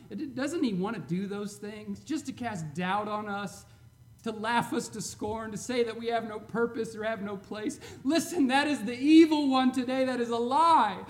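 A man preaching a sermon to his church, fervent and emphatic, swinging from loud to quiet and chuckling between points. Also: very high-pitched, normal speed. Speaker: pastor.

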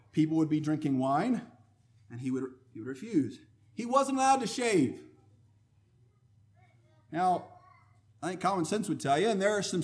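A man with a very high voice preaches a sermon. He talks in a conversational way, telling personal stories, then swings up to loud, emphatic declarations before dropping back to quiet asides.

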